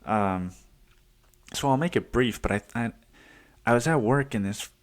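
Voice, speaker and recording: A man's voice: medium pitch, expressive, measured pace. A man in his twenties telling a heated workplace story on his podcast, swearing often and acting out what people said. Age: 20s. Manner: profane, heated, acts out quotes. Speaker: podcast host. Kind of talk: casual storytelling monologue.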